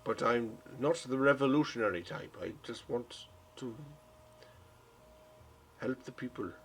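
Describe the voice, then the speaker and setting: A man voicing a gentle, weary townsman who speaks in an earnest, halting way. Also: medium pitch, slight background noise, voice pushed up, lightly acted. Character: gentle foreign male townsman, weary but hopeful.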